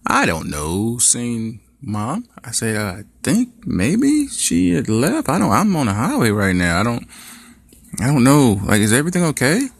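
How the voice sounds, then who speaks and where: A man's voice: medium pitch, unhurried, gravelly, husky, no room sound. A middle-aged man casually telling a funny story about his teenage daughter, acting out the dialogue as he goes. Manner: animated storyteller who acts out quoted dialogue. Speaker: podcast host.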